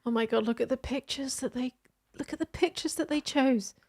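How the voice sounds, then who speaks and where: A woman streamer reading news posts aloud and reacting in a casual, animated way, with exclamations. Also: high-pitched, brisk.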